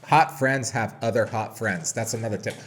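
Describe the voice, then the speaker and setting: A man's voice: on the low side, moderate pace, fairly bright tone. A man co-hosting a podcast, chatty and profane, telling anecdotes. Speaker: podcast co-host. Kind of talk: casual podcast chat.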